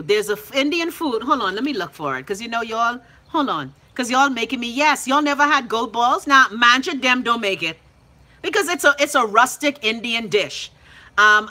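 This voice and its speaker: Bahamian woman host, bright and highish, brash and profane, calls out viewers by name. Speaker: host of a live call-in show. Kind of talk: loud casual livestream chat reading viewer comments.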